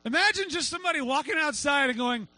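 High, bright-voiced animated preacher man. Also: fast talker, no room sound, poor audio. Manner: animated storytelling, acts out quotes. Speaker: pastor. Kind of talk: sermon.

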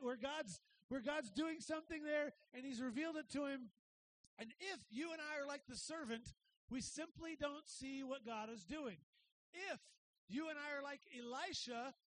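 A high-pitched middle-aged man preaches with restless energy, pushing to loud bursts and then dropping to quiet asides. He keeps the congregation close with a conversational "right?". A faint hiss sits under the recording. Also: low-quality recording. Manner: conversational, says "right?" often. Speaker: pastor. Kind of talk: sermon.

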